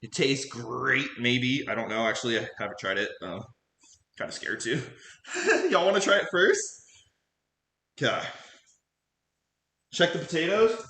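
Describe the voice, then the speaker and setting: A man's voice: medium pitch, big pitch swings, measured pace, pauses often, sharp tone, roomy sound. A man chatting casually with his live chat while cooking at home, goofy and laughing often. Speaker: cooking streamer. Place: home kitchen.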